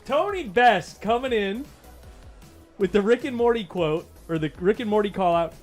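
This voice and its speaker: A man giving casual, excitable live commentary on a pool match, laughing and bantering with his co-hosts. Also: sits high, normal speed, faint music behind.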